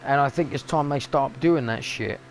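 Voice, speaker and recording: A man's voice: medium pitch, moderate pace, slight background noise. A man ranting angrily in a sweary gaming vlog monologue. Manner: angry, sweary rant. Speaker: gaming vlogger.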